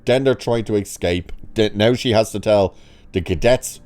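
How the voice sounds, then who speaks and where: Sarcastic low-voiced man ranting. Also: moderate pace, darkish tone. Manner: sarcastic, exasperated, swears a lot; wide swings in pitch when mocking. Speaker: show reviewer. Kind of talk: ranting episode review.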